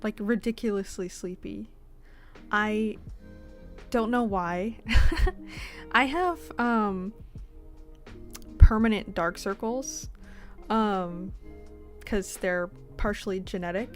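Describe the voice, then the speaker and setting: A woman's voice: mid-range voice, slow pace, long pauses, soft background music. A sleepy woman streamer chatting casually with her viewers, rambling and giggling between fillers.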